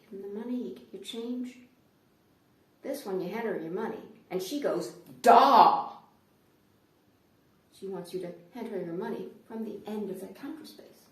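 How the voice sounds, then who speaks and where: A woman comedian performing a stand-up routine, telling her stories in an animated way. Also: medium pitch, a little fast. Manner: animated storytelling. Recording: roomy, distant mic.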